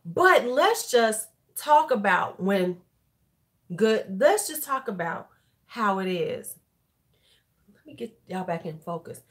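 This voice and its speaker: A woman's voice: mid-range voice, very animated, slow pace, long pauses, fairly bright tone. A middle-aged woman hosting a casual beauty livestream, tipsy and chatty, swearing and laughing freely as she talks. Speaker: beauty YouTuber.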